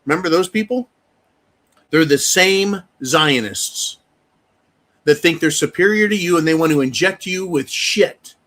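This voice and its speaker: A man's voice: fairly high pitch, lively intonation, measured pace, a bit bright. A man hosting a live show, delivering a heated, profane, ranting monologue with mocking repetition. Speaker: host. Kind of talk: live-stream commentary monologue.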